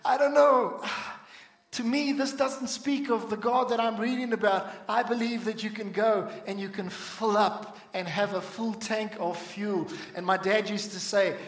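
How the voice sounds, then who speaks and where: High-voiced preacher in echoey church. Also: male voice, measured pace. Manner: animated preaching with voiced asides and congregation call-outs. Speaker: pastor. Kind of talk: sermon.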